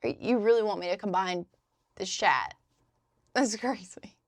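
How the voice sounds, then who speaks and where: Her voice sits at a medium pitch and sounds expressive as she talks at a measured pace, recorded in studio quality without echo. She's a young livestreamer from the US Midwest, casually cursing while chatting with viewers from an indoor crafting desk.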